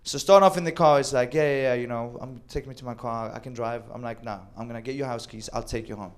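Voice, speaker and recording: A man telling a wild personal story with animated delivery, acting out quoted lines and swearing freely. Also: medium pitch, fast. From Sweden. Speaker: storyteller on a comedy show. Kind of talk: live comedic storytelling.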